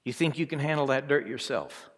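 A man preaching a sermon, acting out voices from the story and swinging between hushed, drawn-out lines and loud ones. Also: medium pitch, big-room sound.

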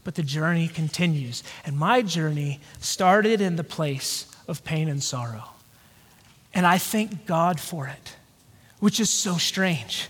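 Man, pastor, sermon, earnest and reflective, slow pauses, from the American South, long hall reverb. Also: on the high side, lively intonation, a bit bright, husky. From Georgia, USA.

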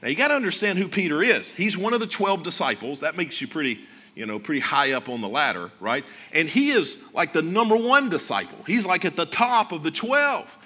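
A male pastor preaching a sermon, animated, acting out the lines he quotes. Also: on the high side, fairly quick. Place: church sanctuary. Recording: long church reverb.

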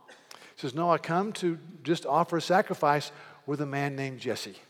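A man's voice: on the high side, moderate pace. A man delivers a sermon in a large hall whose long reverb trails his words. He tells a story and slips into the voices of its characters as he goes. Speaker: pastor.

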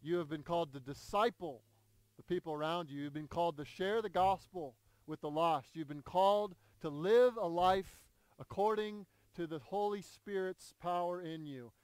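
A male pastor preaching a conversational sermon, animated and quick to repeat himself when stirred up. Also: high-pitched, smooth, no room sound.

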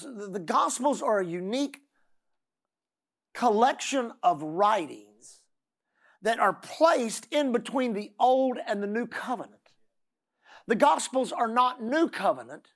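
A man's voice: very high-pitched, lively intonation, measured pace, pauses often, a bit bright. A middle-aged man preaching a sermon, often repeating words and asking the congregation "Amen?".

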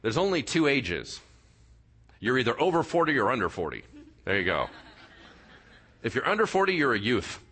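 A man over forty preaching a sermon, swinging from quiet low passages to loud raised ones. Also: very animated, moderate pace, pauses often, breathy edge. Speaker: pastor.

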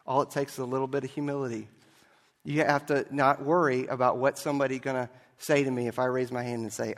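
A man's voice: medium pitch, fairly even intonation, brisk. Man preaching a sermon in a reverberant hall. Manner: storytelling, swings from loud to hushed. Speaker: pastor.

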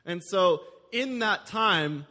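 Preacher with a higher voice in a reverberant hall. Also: male voice, lively intonation, slow, bright, forceful tone. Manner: conversational, explains the story in plain words. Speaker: pastor. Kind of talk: sermon, reading scripture with casual asides.

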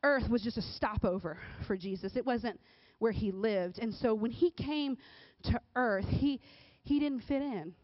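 A woman giving a casual, conversational sermon, often checking in with the crowd with a quick "right?". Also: fairly high pitch, no room sound. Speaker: speaker at a church or youth service. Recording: dull, dry recording.

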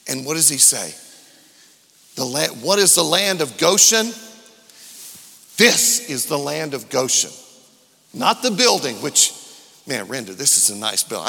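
A man's voice: mid-range voice, lively intonation, moderate pace, gravelly, pauses often, husky. A man preaching a sermon to his congregation, calling out questions to the room and drawing answers from them. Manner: rising from quiet reflection to loud calls to the congregation. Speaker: pastor. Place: church sanctuary. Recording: long hall reverb from a church.

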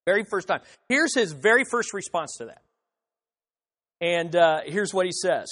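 A man's voice: high voice, lively intonation, normal speed, fairly bright tone. A man preaching an expository sermon, emphatic, repeating phrases and acting out the objections he quotes. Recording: reverberant hall.

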